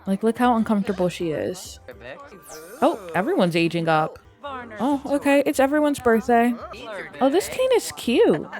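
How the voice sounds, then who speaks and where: A woman's voice: fairly high pitch, animated, normal speed, a little mellow. Gameplay narrator, young woman, chatty, plays out her characters' thoughts, faint music under the voice. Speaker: gameplay streamer. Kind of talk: casual let's-play commentary.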